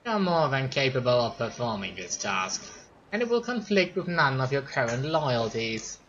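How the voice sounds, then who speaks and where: A man voicing a smooth, sly older wizard lord in a fantasy game, speaking in a coaxing, ingratiating way. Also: mid-range voice, sing-song, moderate pace, a bit bright, highs cut off, a little hiss or hum, voice pushed up.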